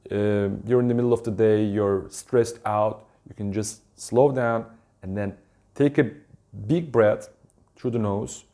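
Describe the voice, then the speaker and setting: Man, wellness teacher, calm and unhurried, frequent ums and self-corrections. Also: lowish voice. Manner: calm, halting, with many ums and restarts. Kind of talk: casual instructional talk.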